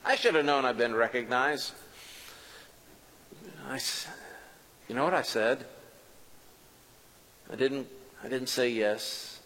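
A man's voice: mid-range voice, slow, pauses often, pushed and bright, long reverb tail, poor audio. A man performing a first-person dramatic monologue as a preacher, telling the story earnestly with self-mocking asides. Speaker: preacher performing a biblical character.

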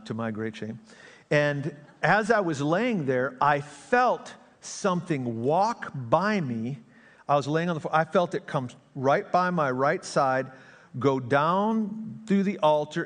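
A male pastor preaching a sermon, telling stories with jokes and dropping his voice for asides. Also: fairly high pitch. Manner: joking, storytelling, drops voice for asides. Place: church sanctuary. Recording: long reverb of a church sanctuary.

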